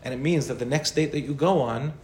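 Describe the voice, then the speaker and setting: A man's voice: mid-range voice, fairly quick, darkish tone. A man, a rabbi, giving an informal Torah class in a conversational way, mixing in Hebrew and Yiddish terms. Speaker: rabbi answering questions. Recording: roomy echo with faint noise.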